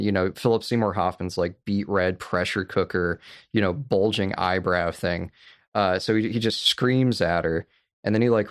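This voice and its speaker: Deep-voiced man chatting about films. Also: dry recording, studio quality. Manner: rambling, many fillers and restarts. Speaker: podcast host. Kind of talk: casual film discussion.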